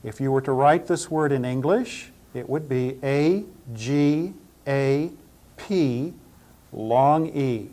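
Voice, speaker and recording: Slow, deliberate male Greek teacher. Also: mid-range voice, warm tone. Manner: deliberate, repeats each word several times. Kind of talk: slow spoken pronunciation lesson.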